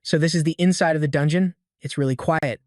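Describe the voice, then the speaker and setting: A man's voice: fairly high pitch, steady tone, brisk, a little mellow, no echo, clean studio sound, natural voice. A man voicing a hot-tempered young male gamer who keeps cursing, read in a plain recap voice. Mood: puzzled. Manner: frustrated muttering.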